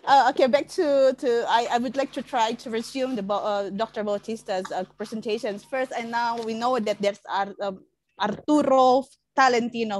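A woman from Indonesia, moderating a webinar from home over a video call, halting and full of restarts and fillers. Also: mid-range voice, no room sound, low-quality recording. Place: home, working from home.

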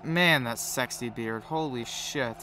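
A man's voice: mid-range voice, takes it slowly, noisy background. A man with a cold giving profane, joking play-by-play commentary while playing a game. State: has a cold. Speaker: gamer commentator.

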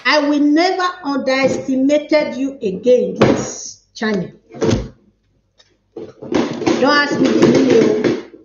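A playful Nigerian woman hosts a live stream, chatting loosely and reading comments aloud. Her voice sits high and she talks at an unhurried pace. The sound is echoey and a little dull. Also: heavy background noise. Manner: playful, chatty, mixes pidgin with English. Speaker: livestream host.

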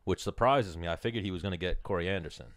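A man co-hosting a podcast, breaking down fights in a quick, matter-of-fact way. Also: sits low, a bit bright. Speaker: podcast co-host. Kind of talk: casual studio chat.

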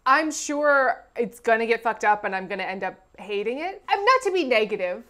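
High-voiced excitable woman co-host. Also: moderate pace. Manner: excitable, swings to loud outbursts. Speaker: podcast co-host. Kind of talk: casual chat.

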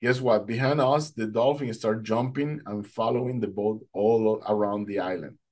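A man giving a personal faith testimony, telling his story in an animated way and acting out what people said. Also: on the low side, moderate pace. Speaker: testimony speaker.

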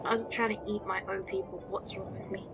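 A woman's voice: medium pitch, flat delivery, fairly quick, creaky. A woman giving casual let's-play commentary, chatty, talking to the game creatures, exclaiming and muttering as she plays. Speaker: gameplay commentator. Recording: music playing behind the voice.

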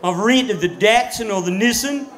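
An Australian man doing live stand-up comedy in a crude, profane style, shouting his punchlines. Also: high-pitched, normal speed. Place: comedy venue with audience. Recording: echoey live venue with crowd noise.

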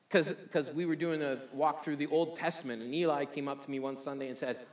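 A man's voice: mid-range voice, steady tone, brisk, roomy sound. A man preaching a sermon energetically, often repeating words as he restarts. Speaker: pastor.

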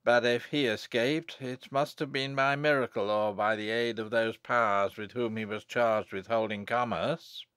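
A man's voice: medium pitch, fairly even intonation, moderate pace, hardly any pauses, a bit bright, clear, resonant tone, no room sound, natural voice. A man doing a pleading, guilt-stricken abbot. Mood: guilty. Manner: pleading, sobbing.

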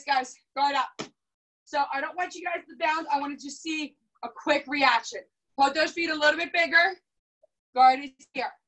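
A young woman teaching a karate class over a video call, brisk and commanding as she cues and counts drills. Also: high-pitched, pushed and bright, recorded from a distance, rough recording. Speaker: karate instructor.

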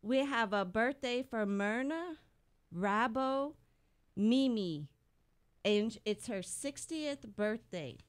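Chatty woman radio host, slow and high. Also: lively intonation, clean tone. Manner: chatty, laughs at her own slips. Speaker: radio host reading birthdays. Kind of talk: casual radio segment.

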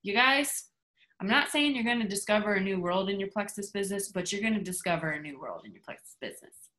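A woman leading her team on a video call, giving an animated, sassy motivational talk while reading a book aloud. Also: mid-range voice, fast talker. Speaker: team leader. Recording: roomy echo on a video call.

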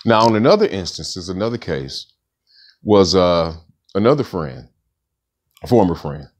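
A man's voice: very animated, normal speed. A middle-aged man casually telling a personal story, rambling and slangy, with lots of fillers. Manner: rambling, slangy, acts out quoted friends in a higher voice. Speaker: author and storyteller.

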